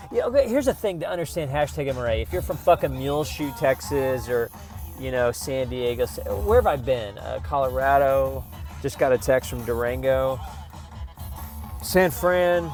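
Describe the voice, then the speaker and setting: A man ranting casually to camera in a profane, rambling, frustrated way, with music playing faintly behind him. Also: mid-range voice. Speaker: vlogger.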